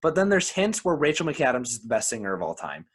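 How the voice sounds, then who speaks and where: Speaking quickly in a sing-song, mid-range voice with a breathy edge, a man co-hosts a film podcast. His review talk is casual and strongly opinionated, and he often repeats his first words at the start of a sentence.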